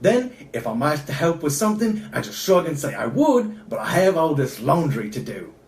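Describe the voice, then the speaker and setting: A man putting on a loud, yelling Australian accent that drifts toward English, reading a comedy card. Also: a little high, very animated, moderate pace, reverberant. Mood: ranting. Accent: Australian, mixed with English. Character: rowdy male Australian bloke ranting about laundry.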